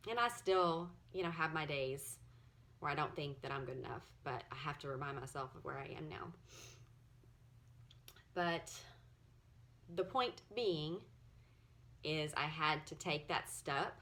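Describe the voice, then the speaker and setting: A woman in her forties sharing her personal story in a halting, earnest way, at times close to tears. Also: low voice, fairly bright tone. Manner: earnest, halting, emotional, often near tears. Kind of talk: personal testimony to camera.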